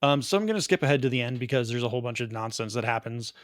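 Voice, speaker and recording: A man co-hosting a podcast, rambling through a movie plot with quick asides and laughs. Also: mid-range voice, animated, a bit bright, dry recording, studio quality. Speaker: podcast co-host. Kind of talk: casual movie review chat.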